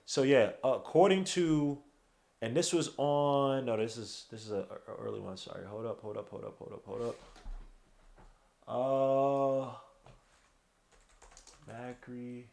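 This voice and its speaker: A man hosts a casual sports podcast from his computer desk. His voice sits at a middle pitch, loud and animated, full of street slang. He trails off into mumbles whenever he searches his screen. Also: slow pace, gravelly, long pauses. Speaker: podcast host. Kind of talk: casual live-stream sports talk.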